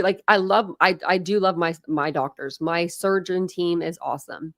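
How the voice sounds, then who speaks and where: A woman in her thirties chatting casually with viewers on a livestream from home, frank and quick to laugh, thanking commenters by name. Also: lowish voice, dry recording, clean studio sound. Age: 30s. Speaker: livestream host. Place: home, indoors.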